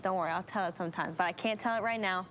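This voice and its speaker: A woman's voice: lowish voice, racing, a bit bright, a little hiss or hum. A woman co-hosting a casual church show, chatting easily and reacting to her co-host's joke. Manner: easygoing listener, chatty and laughing along. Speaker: co-host. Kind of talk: casual chat.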